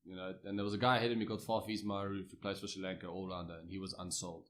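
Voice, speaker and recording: A South African man in his thirties, a cricketer guest telling stories in casual chat, lively and anecdotal with frequent restarts. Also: sits low, very fast.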